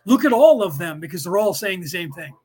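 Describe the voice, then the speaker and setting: A man's voice: high voice, very animated, brisk, a little mellow, husky. A middle-aged man leading a podcast study class, talking in a rambling way with many fillers and restarts. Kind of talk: lecturing study-group talk.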